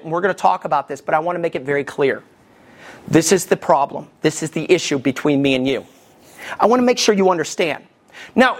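A man preaching a sermon as lead pastor, animated and acting out quoted voices, calling out to the congregation. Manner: animated, acts out quoted voices with big pitch jumps; calls out to the congregation for response.

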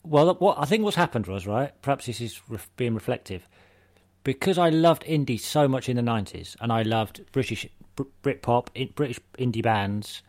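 A man's voice: medium pitch, lively intonation, moderate pace, a little mellow, no room sound. A man co-hosting a podcast, talking in a reflective, teasing casual chat. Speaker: podcast co-host.

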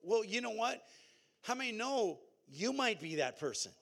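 A man preaching a sermon as pastor, in a conversational, animated way with call-and-response and repeated phrases. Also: sits high, moderate pace, gravelly.

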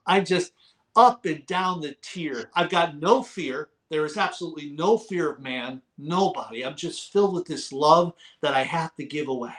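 A middle-aged man being interviewed as a guest author, telling his conversion story with fervor and sometimes shouting as he relives it. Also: on the high side, moderate pace. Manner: fervent storyteller, bursts into shouting when reliving moments. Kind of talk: testimony in a talk-show interview.

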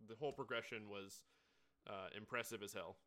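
A man hosting a podcast in relaxed, casual chat, laughing easily and swearing a little. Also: lowish voice, normal speed. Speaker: podcast host.

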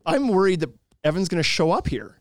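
A man co-hosting a podcast, chatting casually with an animated, rambling manner and frequent laughter. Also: high-pitched, a little fast, no room sound, studio quality. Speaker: podcast co-host. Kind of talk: casual chat.

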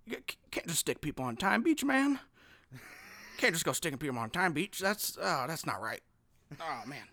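A man doing an impression of an elderly male politician, with a soft, breathy, rambling old-man delivery. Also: fairly high pitch, very animated, normal speed, dry recording, exaggerated voice. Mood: scolding.

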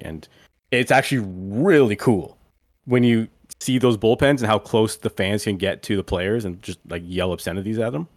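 A man's voice: mid-range voice, moderate pace, dry recording. A man co-hosting a podcast, telling a long rambling story in casual chat, full of "like"s. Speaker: podcast co-host.

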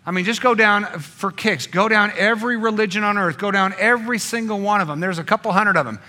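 A male pastor giving a sermon, swinging between emphatic passages and hushed, intimate ones. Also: high voice, quick pace.

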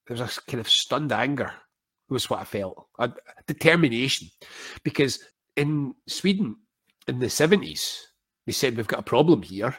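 Older scottish guy, husky voice, chatty storyteller doing little voices, dry humour. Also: medium pitch. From Scotland. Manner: animated storyteller, acts out quoted voices, wry humour. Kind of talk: casual podcast conversation.

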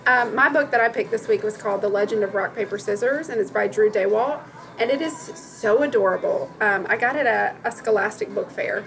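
Giggly mom on a podcast, bit of vocal fry, faint room noise. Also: female voice, mid-range voice, fairly quick, fairly bright tone, rough recording. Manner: giggly, gushing. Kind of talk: casual chat.

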